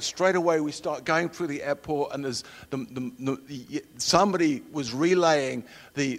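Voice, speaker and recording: A middle-aged man preaching a sermon and telling personal stories, shifting from loud emphatic declarations to hushed storytelling. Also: mid-range voice, gravelly. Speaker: preacher and missionary trainer. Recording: long hall reverb.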